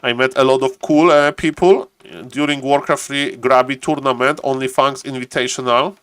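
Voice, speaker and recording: A man with a non-native English accent casting a strategy game live, chatting with viewers and rising in excitement over key plays. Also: mid-range voice, moderate pace, clear, resonant tone, no echo. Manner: chatty, greets chat viewers, repeats "ladies and gentlemen". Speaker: game caster and streamer.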